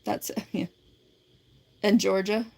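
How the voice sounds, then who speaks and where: A woman's voice: medium pitch, level tone, slow, gravelly, dark tone, breathy edge. Giggly woman in her forties chatting. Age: 40s. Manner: rambling and giggly, lots of "like" fillers. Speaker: livestreamer. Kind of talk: casual livestream chat, answering viewer comments.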